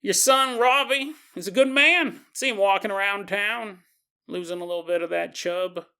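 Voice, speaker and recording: Man putting on a high, twangy, folksy sheriff, rambling and homespun. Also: moderate pace, bright, forceful tone, clear, resonant tone. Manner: exaggerated southern-style drawl, rambling and homespun. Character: folksy small-town male sheriff, drawling, chatty.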